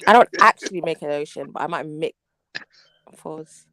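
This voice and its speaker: A man panelist in casual banter, tagging his jokes with "pause". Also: fairly high pitch, sharp tone, no echo, studio quality. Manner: says "pause" as a joke tag, laid-back.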